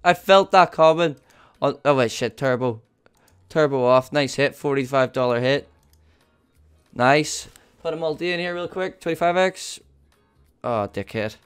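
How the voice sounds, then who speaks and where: An excitable man narrates his slot spins live for his viewers, swearing freely and calling out to "the boys". His voice is smooth and clear, in an ordinary middle register, with faint music playing underneath. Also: mid-range voice, a little slow, pauses often. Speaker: gambling streamer. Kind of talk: live slot-play commentary.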